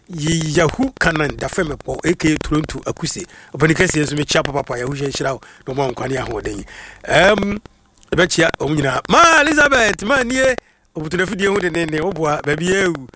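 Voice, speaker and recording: A man's voice: fairly high pitch, fast, fairly bright tone, slight background noise. A man preaching a sermon that mixes in English phrases, stressing his points by repeating them, and greeting listeners by name.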